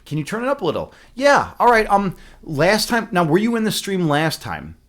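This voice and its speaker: A man's voice: high-pitched, wildly swooping pitch, moderate pace, a bit bright. A man live-streaming and chatting casually, a chess instructor who rambles with many fillers and restarts and laughs often.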